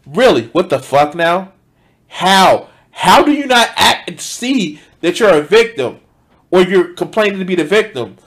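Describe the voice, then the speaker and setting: A man streaming himself as he reacts to a video, talking casually and profanely and breaking into sudden loud outbursts. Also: sits high, sing-song, unhurried. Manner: reads out donation thanks.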